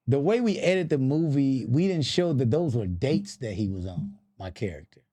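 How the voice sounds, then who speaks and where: A man's voice: mid-range voice, lively intonation, moderate pace, dark tone. A man in his forties, a guest comedian and actor, telling stories on a podcast in a profane style, acting out other people's voices and laughing along. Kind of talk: animated podcast storytelling.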